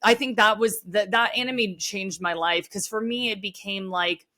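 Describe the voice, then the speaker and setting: Woman, podcast guest, casual chat, earnest, lots of "like" fillers, sensitive, mid pitch. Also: moderate pace, pushed and bright. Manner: earnest, heavy use of "like" fillers; sensitive, emotionally open.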